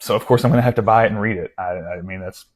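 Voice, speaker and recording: Rapid-fire and on the low side, a young man who vlogs about books rambles casually through his newest haul. He's quick to put himself down and keeps breaking off into asides and starting over.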